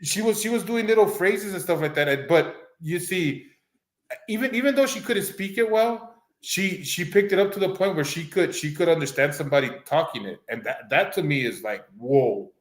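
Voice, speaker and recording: A man's voice: a little high, expressive, normal speed. A man whose first language is Spanish, chatting casually as a podcast co-host, rambling with many restarts and acting out voices. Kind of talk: casual chat. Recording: roomy echo.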